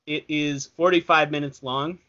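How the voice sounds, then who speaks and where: A young man with a high-ish, pushed and bright voice speaks at a moderate pace in a steady tone. Co-hosting a casual podcast, he rambles and corrects himself as he goes, and the recording is dull lo-fi podcast audio.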